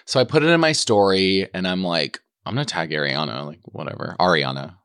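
Young male podcast co-host, very low voice, dry studio sound, playful and gossipy. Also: big pitch swings, fairly quick, fairly bright tone, smooth, no echo. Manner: playful, gossipy, lots of "like" and voice jumps into high quoted asides. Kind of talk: casual comedic chat.

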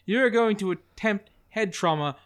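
A man's voice: high-pitched, a little slow, a bit bright, clear, resonant tone. A man guest co-hosting a podcast, chatting casually with wry jokes and hesitant fillers. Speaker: guest co-host. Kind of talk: casual chat.

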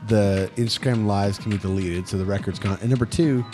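A man with a lowish voice co-hosts a relaxed podcast, rambling and trailing off as he chats. Faint music sits underneath his talk. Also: a little fast. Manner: rambling, trails off, laughs often. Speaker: podcast co-host. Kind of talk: casual podcast banter.

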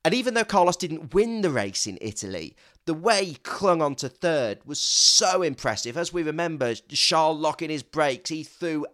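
Male podcast co-host, casual chat, emphatic and lively, voice sits a little high. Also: moderate pace, few pauses. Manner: animated, emphatic, self-mocking.

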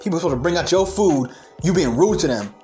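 A man's voice: fairly high pitch, animated, quick pace, warm tone, faint music behind. A young man from the United States who stutters, delivering a brash, profane comic rant. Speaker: vlogger.

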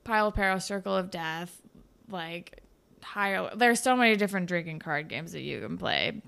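A woman's voice: fairly low pitch, moderate pace, vocal fry, smooth. A young woman chatting casually as a podcast co-host, swearing freely and acting out characters' lines as she recaps. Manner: profane, animated, acts out characters' lines. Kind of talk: casual chat recapping a TV show.

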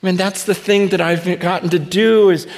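Male pastor, high register, chatty sermon delivery with acted-out dialogue, echoing hall sound. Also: steady tone, moderate pace. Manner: conversational storytelling with many fillers and restarts; acts out dialogue, rising to shouts. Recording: reverberant hall.

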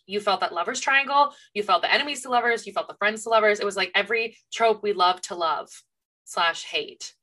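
A young woman co-hosting a podcast in casual chat, animated and full of fillers. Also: mid-range voice, a little fast. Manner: animated, many fillers, acts out quotes. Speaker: podcast co-host.

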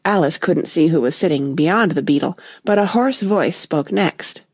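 A woman reads a storybook aloud with a slightly husky, low-set voice. Her pitch rises and falls a great deal as she tells the tale. The sound is close and dry, with no room around it. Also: normal speed, no echo. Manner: lively expressive reading. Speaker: narrator. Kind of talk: storybook reading.

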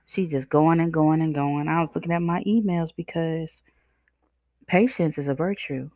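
A woman's voice: low-pitched, normal speed, mellow, no echo, studio quality. A woman hosting a self-help podcast, talking conversationally and asking the listener questions. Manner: acts out voices in her stories. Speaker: podcast host. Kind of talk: motivational self-help talk.

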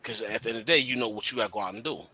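A man talking in a casual podcast chat, animated and slangy, swearing freely. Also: medium pitch, very fast, slightly rough, low-quality recording.

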